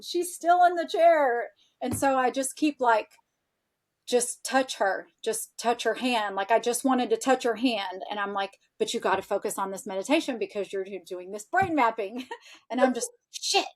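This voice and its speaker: A woman with a fairly high voice talks as a podcast guest, telling a personal story in a chatty, animated way. She fills her sentences with "like" and voices the people in her story as she goes. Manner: animated, chatty, frequent "like" fillers, acts out quoted dialogue. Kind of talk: casual storytelling in a podcast interview.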